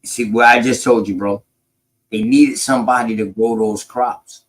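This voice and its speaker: A man's voice: mid-range voice, fairly even intonation, normal speed, poor audio. A man, talking through history in a casual, profane, emphatic way. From South Carolina, United States. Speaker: podcast host.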